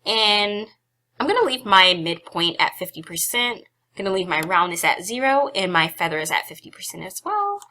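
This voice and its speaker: A young woman hosting a casual software tutorial. She is chatty and giggly, with self-deprecating asides, and sounds slightly out of breath. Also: medium pitch, very animated, normal speed. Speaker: photography tutorial host.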